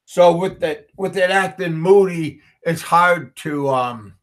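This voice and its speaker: A man hosting a casual livestream, reading viewer comments aloud and answering them in a halting way, with frequent repeats and restarts. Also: a little high. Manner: slow, chuckling, talks back to chat. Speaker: livestream host.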